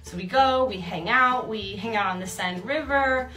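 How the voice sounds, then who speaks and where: A woman's voice: medium pitch, normal speed, bright, forceful tone, roomy sound. A young woman telling a personal story in a chatty way, laughing often and acting out her own thoughts. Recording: distant mic with faint music.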